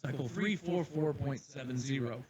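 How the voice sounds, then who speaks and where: A man voicing a grave male headmaster who gives a solemn, measured address to his students, recorded from a distance in an echoey room with faint ambience. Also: mid-range voice, crowd noise, close to an everyday voice.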